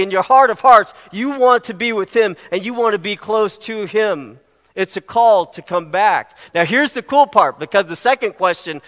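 A man's voice: sits high, fairly bright tone, in a large hall. A middle-aged man preaching a sermon, earnest and fond of repeating his questions for emphasis. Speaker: pastor.

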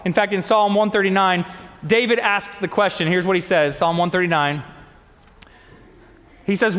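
High-voiced preacher in a big hall. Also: male voice, fairly bright tone. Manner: emphatic, repetitive build-ups. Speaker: pastor. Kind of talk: sermon. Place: church sanctuary. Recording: long hall reverb.

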